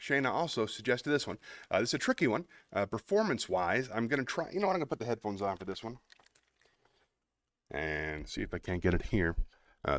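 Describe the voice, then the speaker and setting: A man's voice: sits low, no room sound. A man hosting a live stream, chatting upbeat with viewers and laughing between performances. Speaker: livestream host.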